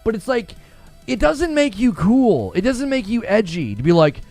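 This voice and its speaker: A man hosting a casual gaming livestream, animated and laughing often as he reads and answers chat. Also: high voice, moderate pace, faint music behind.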